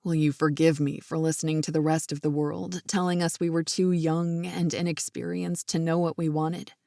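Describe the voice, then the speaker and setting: A woman reading as a warm-hearted man in love; drop the voice low, keep it gravelly and close. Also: flat delivery, moderate pace, no echo. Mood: tender. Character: smitten man in his thirties, tender, playful.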